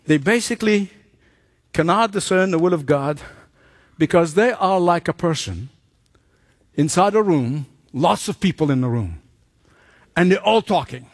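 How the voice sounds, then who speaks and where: High-voiced preacher, dry and close. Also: male voice, normal speed, pauses often, no room sound. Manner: animated storytelling, acts out quoted voices. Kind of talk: sermon.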